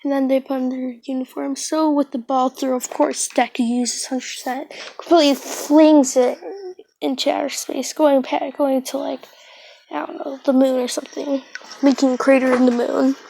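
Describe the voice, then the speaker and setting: Woman, rambling fan-story teller, slow, gravelly, flat high voice. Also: a little hiss or hum. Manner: rambling, hesitant, many fillers and restarts. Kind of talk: casual fan story retelling.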